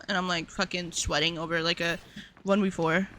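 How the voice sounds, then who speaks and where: Chatty young woman with a bright voice. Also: lowish voice, little pitch movement, normal speed. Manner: chatty, lots of "like", swears freely. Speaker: streamer. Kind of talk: casual livestream chat.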